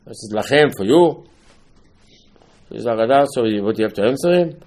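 Animated man giving a Passover sermon. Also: medium pitch, a little fast. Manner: animated, rhetorical questions, repeats himself. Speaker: Torah teacher.

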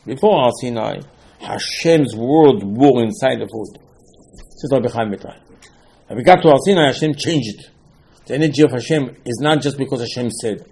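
A man's voice: mid-range voice, normal speed, vocal fry, darkish tone. A man teaching a Torah class in an emphatic, repetitive way, asking and answering his own questions in non-native English phrasing.

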